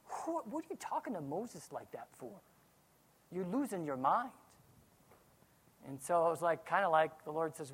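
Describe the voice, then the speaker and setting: A man, a pastor, preaching a sermon, swinging from quiet asides to loud outbursts. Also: fairly high pitch, very animated, normal speed, long pauses, husky.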